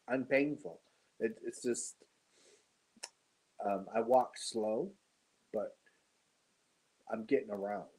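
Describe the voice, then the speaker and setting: A tired, congested man hosting a casual live stream, greeting viewers and talking slowly with many pauses and fillers. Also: mid-range voice, mellow, poor audio. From United States. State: tired and congested after surgery. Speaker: host of a live yarn stream.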